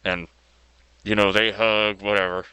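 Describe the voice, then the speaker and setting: A man's voice: lowish voice, level tone, unhurried, bright, forceful tone, clear, resonant tone, no room sound. A man casually retelling a story as video host, laid-back and loose with fillers and mild slang.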